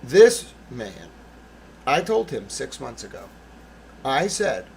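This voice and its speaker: A man's voice: medium pitch, big pitch swings, takes it slowly, creaky, pauses often, a little mellow, a little hiss or hum, rough recording. A man hosting his own channel, delivering a blunt, profane, sarcastic political monologue. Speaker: channel host.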